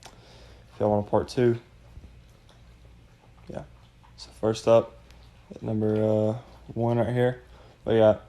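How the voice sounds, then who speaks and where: Chill guy talking about his cats, low mellow voice, slow, a little noise behind. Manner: relaxed, hesitant with fillers. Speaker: pet owner. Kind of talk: casual pet video narration.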